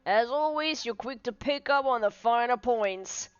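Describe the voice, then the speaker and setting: Woman doing a gruff bossy police inspector. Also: on the high side, unhurried, dry recording, highs cut off, pitched above the performer's own voice, natural voice. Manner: bossy, barking orders.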